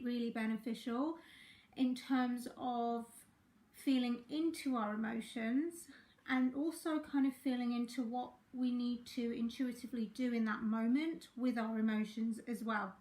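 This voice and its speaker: A woman giving a chatty coaching talk on a live stream, her throat croaky today. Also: a little high, reverberant. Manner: warm greetings to viewers, chatty with fillers. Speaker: life coach.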